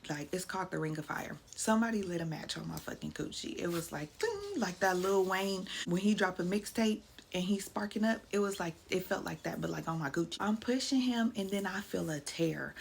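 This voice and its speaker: A woman's voice: fairly low pitch, animated, normal speed, creaky, hardly any pauses, a little hiss or hum. Blunt, profane young woman vlogger. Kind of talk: casual storytime monologue.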